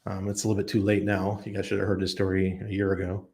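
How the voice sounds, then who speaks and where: A man with a lowish, gravelly voice hosts a relaxed livestream. He reads out viewer comments one after another and answers each one off the cuff, chatting loosely and thinking aloud as he goes. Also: quick pace. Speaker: crypto livestream host. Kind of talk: casual live chat, reading viewer comments. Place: home in Panama.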